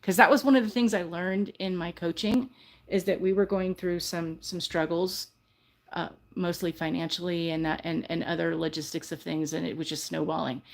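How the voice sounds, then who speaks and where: Fairly low in pitch with vocal fry, an older woman speaks at a moderate pace with fairly even intonation. She hosts a casual livestream, earnest and heartfelt, drifting off topic and repeatedly restarting her sentences as she corrects herself.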